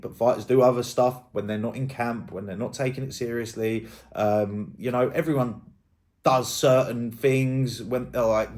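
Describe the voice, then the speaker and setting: A man's voice: medium pitch, a little mellow. A man giving casual, rambling commentary as a YouTube drama host, thinking aloud and hedging as he goes.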